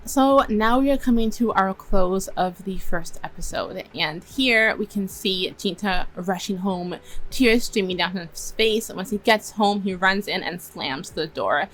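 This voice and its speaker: A woman's voice: mid-range voice, unhurried, a bit bright, poor audio. A young woman casually retelling and reworking story scenes, chatty and laughing often as she acts out bits of dialogue. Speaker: story reviewer.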